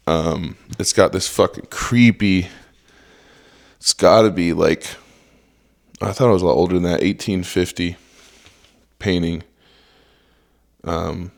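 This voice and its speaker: Sarcastic, foul-mouthed young man, lowish voice. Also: creaky. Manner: profane, sarcastic, mocking. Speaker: podcast host. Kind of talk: solo comedic podcast rant.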